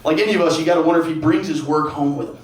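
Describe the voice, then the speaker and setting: Guy doing standup, rambly self-mocking bits, slightly high voice, echoey club mic from far off, crowd laughing. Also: racing. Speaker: stand-up comedian. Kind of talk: stand-up comedy set. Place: comedy club stage.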